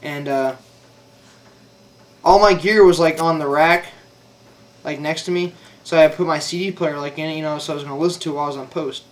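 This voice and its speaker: A man's voice: a little high, steady tone, fairly quick, pauses often, recorded from a distance. A young man casually telling a story about his service, rambling and swearing, with lots of "like" and "dude". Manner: rambling, profane, full of "like" and "dude". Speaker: former Marine telling a story.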